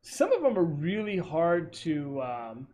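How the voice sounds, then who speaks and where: A man's voice: on the high side, sing-song, takes it slowly, mellow. A man who investigates hauntings, telling stories on a video call in a rambling way, with many fillers and corrections. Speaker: paranormal investigator. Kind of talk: casual storytelling over a video call.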